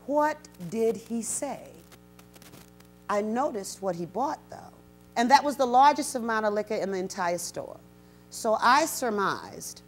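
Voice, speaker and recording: A woman storyteller giving an animated talk to a university audience, acting out the people she quotes. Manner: animated, acts out quotes with big pitch jumps. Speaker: storyteller and guest speaker. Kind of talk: storytelling lecture. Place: university event, in front of an audience.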